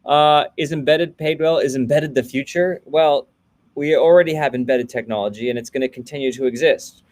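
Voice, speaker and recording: A man's voice: medium pitch, fairly quick. A man in his thirties hosting a casual livestream, greeting viewers by name and answering programming questions in a loose, chatty way. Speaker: livestream host, coding coach.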